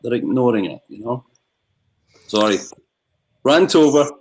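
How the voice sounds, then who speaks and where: A man's voice: medium pitch, a little slow, a little hiss or hum, poor audio. A middle-aged man on a video call, a filmmaker ranting with passion in a livestream Q&A. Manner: impassioned ranting, animated. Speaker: filmmaker guest.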